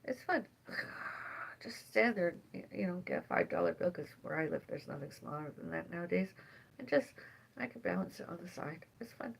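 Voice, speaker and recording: A woman chatting on a live stream from home in a meandering way, sighing often and drifting between loud and soft. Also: on the low side, wildly swooping pitch, brisk, vocal fry, slightly rough, low-quality recording. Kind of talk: rambling live stream chat. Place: at home, indoors.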